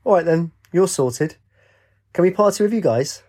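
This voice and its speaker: A man's voice: high voice, animated, normal speed, darkish tone, slightly rough, pitched above the performer's own voice. A man voicing a bold, upbeat young woman from Earth in an eager, determined tone. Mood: cheeky.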